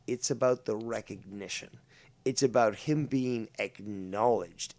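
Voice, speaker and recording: A man hosts a heated livestream show with a gravelly, creaky voice. He curses freely and swings between loud outbursts and low muttering. His delivery is fiery and unpredictable. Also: unhurried. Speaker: show host.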